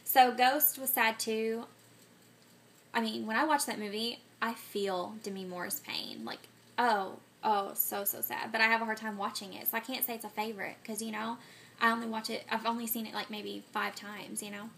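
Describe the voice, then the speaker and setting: A woman's voice: fairly high pitch, little pitch movement, moderate pace, a bit bright, a little hiss or hum. Chatty scatterbrained woman vlogger. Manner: scatterbrained, many ums and self-corrections. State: getting sick, coughing. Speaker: vlogger answering a movie tag. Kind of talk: casual chat to camera.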